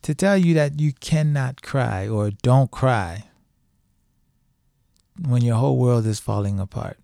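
A man's voice: medium pitch, measured pace, vocal fry, dark tone, no room sound, studio quality. A middle-aged man speaking in a casual, emphatic monologue, repeating phrases for stress as a podcast host.

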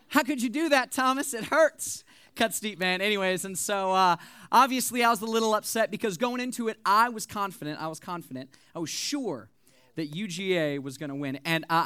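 A young man preaching to a youth group, joking and conversational with lively, animated delivery. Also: sits high, clear, resonant tone, no echo. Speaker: youth pastor. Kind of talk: sermon.

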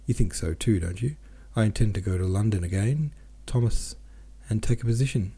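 This audiobook character voice belongs to a man speaking at a fairly low pitch, a little fast, mellow and slightly rough. He portrays a pleading, anxious, self-pitying middle-aged merchant rambling in a plaintive, restless way.

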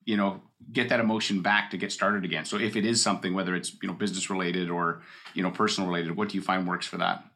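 A man hosting an interview who works as a mortgage broker. He talks in a quick, affirming way and often repeats his phrases. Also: sits low, level tone, bright, forceful tone. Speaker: podcast host, mortgage broker. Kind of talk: conversational interview.

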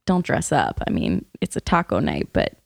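A woman's voice: very deep voice, wildly swooping pitch, moderate pace, vocal fry, dry recording, studio quality. A woman co-hosting a church podcast, giving chatty, upbeat announcements with frequent giggles. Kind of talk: casual podcast chat, announcements.

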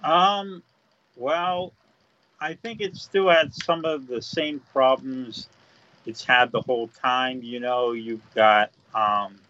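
A man co-hosting a casual podcast, talking slowly and hesitantly with many fillers. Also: mid-range voice, pushed and bright. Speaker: podcast co-host. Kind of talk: casual review chat. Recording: dull lo-fi sound.

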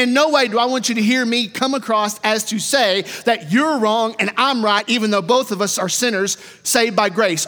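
High-voiced preaching man in a reverberant hall. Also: sharp tone. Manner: impassioned preaching, slowing and dropping low for emphasis. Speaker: pastor. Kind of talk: sermon.

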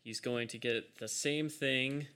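Male player, bright forceful tone, playful banter at the table. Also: mid-range voice, fairly even intonation, slow pace, vocal fry, clean tone. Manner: playful, jokey. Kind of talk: tabletop game play.

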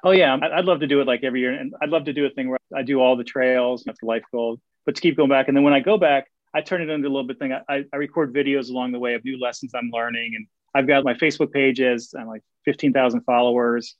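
A man telling stories as an interview guest, eager and quick, often repeating words as he restarts sentences. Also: mid-range voice, fairly even intonation, dry recording. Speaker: guest, Camino walker and author. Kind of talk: casual interview storytelling. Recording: dull, dry lo-fi sound.

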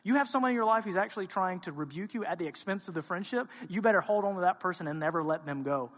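Man, pastor, preaching a sermon, fairly high voice, impassioned, long church reverb. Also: animated, fast talker. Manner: impassioned preaching that swings between quiet and loud. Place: church sanctuary.

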